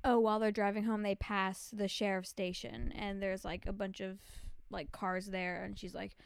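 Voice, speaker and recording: A woman with a gravelly, creaky voice who joins in a casual podcast recap of a film, often acting out lines from the story. Her pitch sits in the middle, and the sound is close and dry. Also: flat delivery, moderate pace, no echo. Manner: chimes in, acts out lines from the story. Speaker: podcast co-host.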